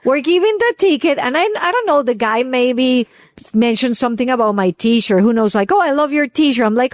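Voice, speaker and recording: Woman, podcast co-host, fairly high voice, dry close sound, animated storytelling. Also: fairly quick, dry recording. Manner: animated, acts out quotes with big pitch jumps. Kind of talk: casual storytelling chat.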